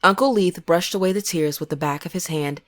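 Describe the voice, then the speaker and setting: A woman giving scripted first-person horror narration in a measured, grim way. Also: fairly low pitch, soft background music.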